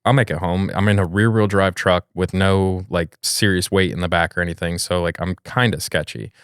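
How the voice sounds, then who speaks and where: A man's voice: sits low, steady tone, moderate pace, clean tone, no room sound, clean studio sound. A man from New York co-hosting a podcast, talking in a casual, blunt, ranting way and swearing freely. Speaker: podcast co-host. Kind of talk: casual chat.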